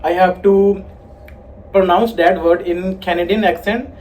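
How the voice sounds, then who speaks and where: A man's voice: sits high, steady tone, unhurried, darkish tone. A man, a vlogger and personal trainer, chatting casually, teasing and laughing, calling his friend bro. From India. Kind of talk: casual vlog chat. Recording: far from mic, faint background noise.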